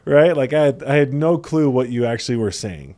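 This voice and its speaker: A young man telling stories in casual conversation, animated and laughing often as he acts out quotes. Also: mid-range voice, brisk. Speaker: podcast guest, salesman. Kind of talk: casual storytelling chat.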